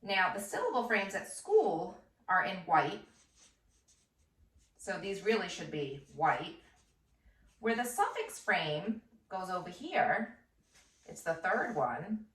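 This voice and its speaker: A woman's voice: medium pitch, sing-song, slow pace, long pauses, fairly bright tone, distant mic. A first grade teacher, a woman, giving a patient phonics lesson and sounding out words syllable by syllable. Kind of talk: slow phonics lesson for children. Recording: echoey room, voice off-mic.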